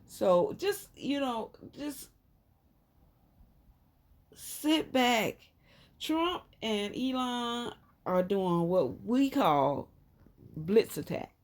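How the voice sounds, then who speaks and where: Slow-talking Southern woman reading tarot. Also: expressive. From Southern United States. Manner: emphatic, rambling, frequent sudden jumps up in pitch and loudness. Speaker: tarot reader. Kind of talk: casual tarot reading commentary.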